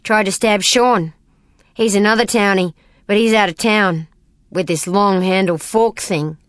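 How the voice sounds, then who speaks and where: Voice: mid-range voice, steady tone, measured pace, a bit bright, smooth, no room sound, clean studio sound, lightly acted. A woman reading an audiobook voices a brash street kid who talks in a slangy, raised voice. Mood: cocky.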